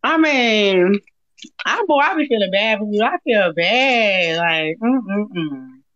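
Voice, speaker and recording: A woman's voice: on the high side, animated, unhurried, fairly bright tone. A woman hosting a casual livestream, talking in a blunt, profane and taunting way. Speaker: livestream host. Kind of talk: heated casual livestream talk. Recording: lo-fi livestream audio.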